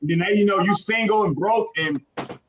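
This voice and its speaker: A man in his forties from Chicago, hosting a casual chat and giving animated, preachy advice. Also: high-pitched, moderate pace, crowd noise. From Chicago, USA. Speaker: host.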